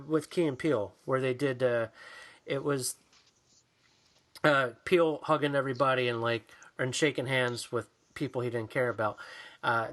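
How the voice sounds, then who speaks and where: A man's voice: mid-range voice, a bit bright. A man co-hosting a podcast in casual, profane chat, ranting and mocking people in put-on voices. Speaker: podcast co-host.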